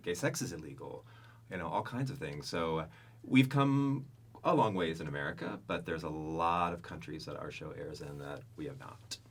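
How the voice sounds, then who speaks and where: Low-voiced man telling candid stories. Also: normal speed. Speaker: guest. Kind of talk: casual podcast interview.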